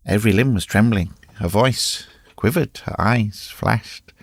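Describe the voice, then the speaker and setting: Male audiobook narrator, dramatic reading, gravelly, dry close sound. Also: fairly low pitch, measured pace, no echo. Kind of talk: scripted narration.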